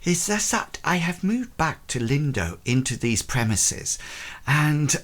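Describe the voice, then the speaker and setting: A man's voice: a little high, very animated, slow pace, a bit bright, pitched above the performer's own voice, exaggerated voice. Man putting on a hesitant genteel lady. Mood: flustered politeness. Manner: hesitant, polite, many ums. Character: genteel fussy lady merchant, newly moved in.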